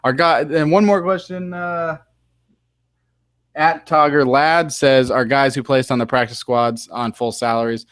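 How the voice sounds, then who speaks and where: A man's voice: medium pitch, fairly even intonation, unhurried, fairly bright tone, dry recording. An American man hosting a casual sports podcast, rambling and full of fillers. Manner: rambling, filler-heavy, fond of mock British slang. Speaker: podcast host.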